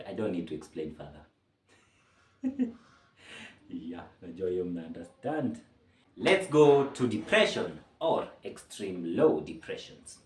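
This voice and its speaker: A man explains mental health topics in a casual, chatty educational talk, tossing in jokey asides. His low, darkish voice sounds far from the mic, giving the audio a roomy, off-mic quality.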